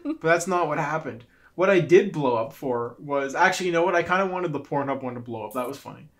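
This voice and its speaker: A man's voice: on the high side, animated, fairly quick. A man in casual podcast chat, rambling through stories with frequent restarts. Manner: rambling, laughing storyteller. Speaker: podcast co-host.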